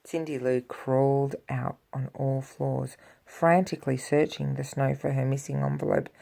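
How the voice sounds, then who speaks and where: Woman reading a storybook aloud, gravelly. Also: very deep voice, moderate pace, few pauses. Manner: lively, expressive reading with sound effects.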